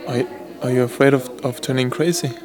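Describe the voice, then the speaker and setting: A man asking gentle, hesitant questions as an interviewer. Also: medium pitch, fairly even intonation, a little fast, big-room sound, a crowd in the background.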